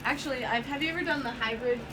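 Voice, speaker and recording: A woman's voice: high-pitched, fast, distant mic, noisy background. A woman bantering playfully with friends during a charity gaming livestream. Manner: playful, sings song snippets. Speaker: marathon streamer. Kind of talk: casual banter while gaming. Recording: loud game music behind.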